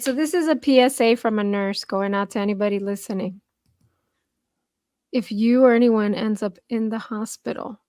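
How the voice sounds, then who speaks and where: A woman's voice: medium pitch, a little mellow, no room sound, clean studio sound. A woman who works as a nurse, co-hosting a podcast in plain-spoken, casual chat.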